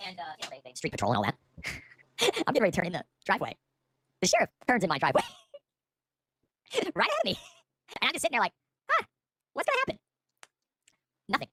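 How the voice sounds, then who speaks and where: A man's voice: high-pitched, wildly swooping pitch, very fast, sharp tone, no room sound. A man hosting a casual livestream from home, rambling and playful, often restarting his sentences. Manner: rambling, playful, self-interrupting. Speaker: livestream host.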